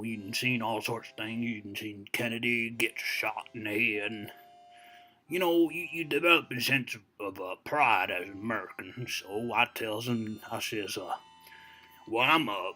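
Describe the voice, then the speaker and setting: A man's voice: fairly low pitch, bright, forceful tone. A man playing a very old, boastful American storyteller who rambles and digresses in a folksy way, full of "you know" fillers. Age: over 60. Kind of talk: comedic character monologue.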